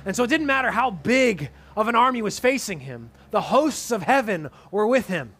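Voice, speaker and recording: Guy preaching a sermon, pretty high voice, earnest, goes quiet for emphasis. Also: lively intonation, normal speed, breathy edge. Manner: earnest, drops to soft emphatic tones, casual asides.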